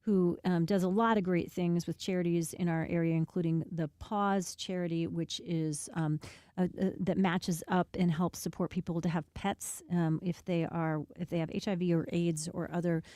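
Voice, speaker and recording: A woman's voice: on the low side, steady tone, mellow, no echo, clean studio sound. A woman co-hosting a radio talk show, chatting casually and restarting her sentences often. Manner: chatty, talks in quick restarts. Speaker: radio co-host. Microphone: studio microphone.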